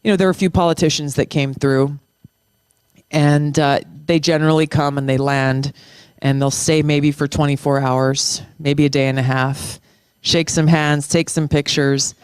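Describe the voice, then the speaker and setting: A middle-aged veteran talks with conviction in an interview, often restarting phrases and stretching out the key words. The voice is smooth and resonant, and it is recorded close and dry. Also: mid-range voice, fairly even intonation, dry recording. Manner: impassioned, restarts phrases, slows down for emphasis. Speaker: guest, military veteran and former state lawmaker. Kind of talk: earnest conversational interview.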